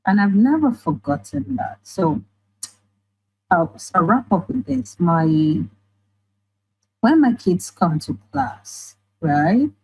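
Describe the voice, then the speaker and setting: A woman with a Nigerian accent, an online teacher and writer talking in a casual interview, animated and quick to act out the voices she quotes. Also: mid-range voice, breathy edge, rough recording. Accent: Nigerian English. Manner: animated, often laughing, acts out quoted voices.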